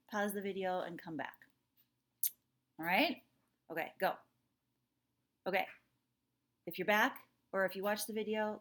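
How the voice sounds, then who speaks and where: A woman teaching a French lesson to her students. She talks to them directly, often checks in with "okay?", and draws sounds out slowly to model them. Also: mid-range voice. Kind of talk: recorded classroom lesson.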